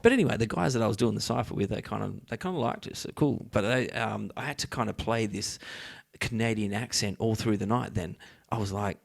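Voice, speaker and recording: Creaky-voiced Australian man hosting. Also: lowish voice, a little fast. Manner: rambling, many fillers and restarts, swears freely. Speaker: podcast host. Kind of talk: casual chat.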